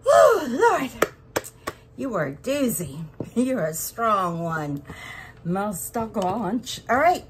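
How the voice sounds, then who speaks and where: A woman chatting to her viewers as she works on a craft project, excitable and talkative. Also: mid-range voice, takes it slowly, a little hiss or hum. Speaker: resin craft vlogger. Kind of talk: casual crafting vlog chat.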